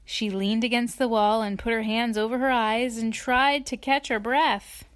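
A woman reading a children's story aloud in an expressive, playful way, adding asides to her listener. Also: fairly high pitch, normal speed, no echo.

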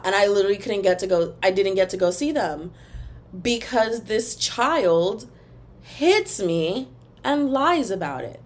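A young woman hosts a podcast, ranting casually and animatedly to her listeners, singing snippets and calling them "girl" and "y'all." Her voice is mid-range and her pace measured.

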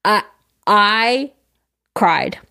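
Young woman gushing on a chill podcast chat, warm and teary-eyed, middle pitch. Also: very animated, very slow, creaky. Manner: emotional, storytelling, gushing about her students. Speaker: podcast co-host. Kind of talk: casual chat.

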